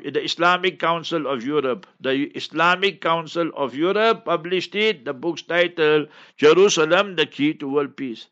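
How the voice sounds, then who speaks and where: An emphatic male mufti answers questions in a lecturing tone, hammering home each point. His voice is bright and forceful and sits a little high. The recording sounds dull and lo-fi. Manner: emphatic, instructive, repeats key points. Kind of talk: radio Q&A lecture.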